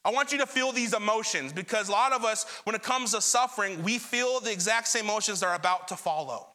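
A man's voice: high voice, fast talker, pushed and bright. A young adult man preaching a sermon, addressing the congregation directly and retelling scripture with dramatic energy. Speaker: pastor.

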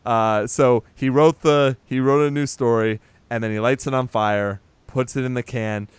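A man's voice: mid-range voice, fairly even intonation, normal speed, clear, resonant tone, dry recording. A man in casual chat, recapping a movie as a podcast host, chatty and teasing, swearing now and then.

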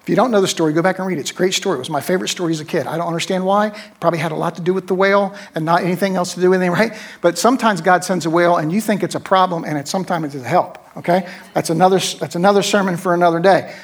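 A middle-aged pastor with a notably high voice delivers a sermon to his congregation. He tells stories conversationally, says his key lines twice and keeps asking "right?" to draw the room in. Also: racing, hardly any pauses. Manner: conversational storytelling, repeats phrases, checks in with "right?".

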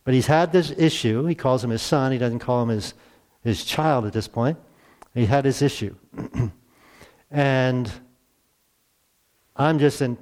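A middle-aged pastor of medium pitch preaches a sermon to his congregation in a conversational, earnest style. He poses rhetorical questions and swings between hushed asides and emphatic raised lines.

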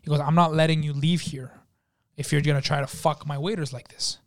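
A man with a fairly high voice spins a story in loose podcast chat. He is animated and swears freely, and he slips into the voices of the people he describes. He is recorded on a studio microphone. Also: brisk. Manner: animated, profane, acts out the people in his story. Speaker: podcast guest. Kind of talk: casual storytelling.

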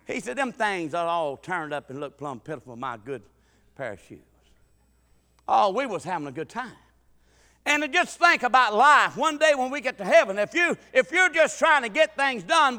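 A man's voice: very high-pitched, bright, forceful tone, big-room sound. A man preaching a folksy sermon, telling family stories with emphatic, stammering restarts. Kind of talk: sermon with storytelling.

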